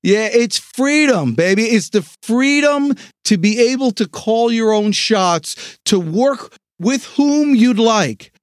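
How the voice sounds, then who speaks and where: High-pitched, hyped-up sales motivator. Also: male voice, lively intonation, no room sound, studio quality. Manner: hyped, pep-talk delivery with dramatic pauses. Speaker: sales podcast host. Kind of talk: energetic motivational podcast monologue. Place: home studio.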